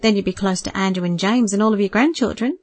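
A woman's voice: mid-range voice, fast talker, close to an everyday voice. Woman reading as a guarded young son. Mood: defensive. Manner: polite, subdued, a bit defensive. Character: young man, guarded, polite, quietly evasive son. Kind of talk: audiobook character voice.

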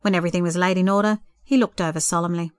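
A woman narrating a story in a gentle, expressive reading voice. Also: on the low side, rapid-fire, clean tone, dry recording, studio quality.

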